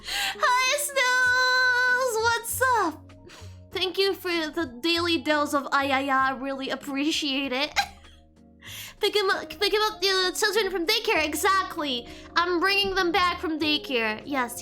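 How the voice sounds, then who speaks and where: A woman's voice: very high-pitched, animated, unhurried, bright, forceful tone. A woman VTuber streamer chatting casually and playfully with her viewers, giggling often. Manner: giggly and playful, reacting to chat. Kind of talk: casual livestream chat with viewers. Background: faint lo-fi background music.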